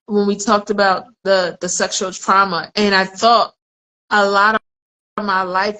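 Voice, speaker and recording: In a casual podcast conversation, a woman in her forties co-hosts and speaks candidly, telling personal stories and acting out the voices in her head. Her mid-range voice has a sharp tone, and the recording quality is low.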